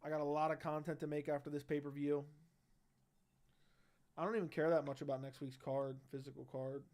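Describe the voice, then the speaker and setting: A man's voice: fairly high pitch, flat delivery, fairly quick, darkish tone. A brash young man hosting a casual livestream, reading chat and bantering loosely with slang and swearing into a studio mic. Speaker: livestream host. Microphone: studio dynamic mic.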